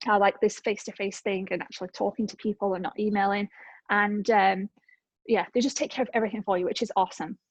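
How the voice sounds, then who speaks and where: A woman in her thirties speaks on a group call in an upbeat, chatty way, with many fillers along the way. Her voice sits at a middle pitch and sounds a little short of breath. The sound is dry, with no room around it. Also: no room sound, low-quality recording. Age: 30s. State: slightly out of breath. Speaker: network marketing presenter. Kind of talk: casual presentation on a group call. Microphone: call microphone.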